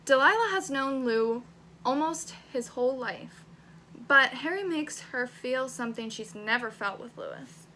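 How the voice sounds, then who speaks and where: A woman's voice: high voice, expressive, a little slow, pushed and bright, a little hiss or hum. A young woman vlogging casually, reading her old teenage writing aloud, swearing freely and laughing at herself. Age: young adult.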